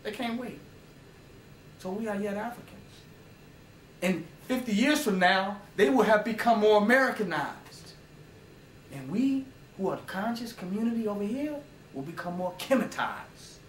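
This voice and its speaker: A man's voice: sits high, lively intonation, normal speed, recorded from a distance, slight background noise. A man giving an informal lecture, emphatic and profane, often asking his listeners rhetorical questions. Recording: roomy echo, voice away from the mic.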